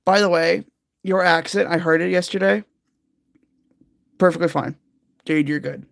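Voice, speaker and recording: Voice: medium pitch, normal speed, gravelly, no echo, clean studio sound. A livestream host chatting casually with viewers while doing a jigsaw puzzle, rambling and giggling.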